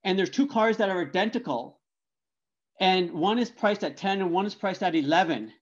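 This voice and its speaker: A middle-aged man giving a lecture talk, telling animated stories with stammered restarts and lots of tag questions. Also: sits high, moderate pace. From Canada. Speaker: guest speaker. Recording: dull lo-fi audio.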